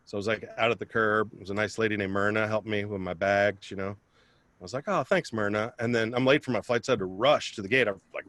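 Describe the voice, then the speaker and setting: A man's voice: mid-range voice, a bit bright, no echo. A man doing a self-deprecating stand-up comedy set over a video call, chatting with viewers between jokes.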